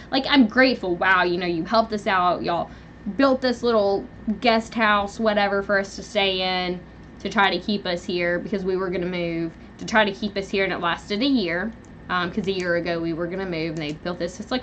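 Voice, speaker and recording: A young woman hosting a live stream from home, rambling through an animated personal story with lots of fillers. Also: medium pitch, a little fast, a little hiss or hum. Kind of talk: casual venting live chat. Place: at home, indoors.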